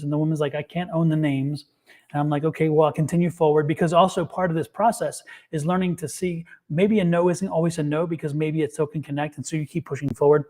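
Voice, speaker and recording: A man in casual chat, telling an animated story and acting out what people said. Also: a little high. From United States. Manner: animated storyteller, acts out quotes. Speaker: psychic reader and co-host.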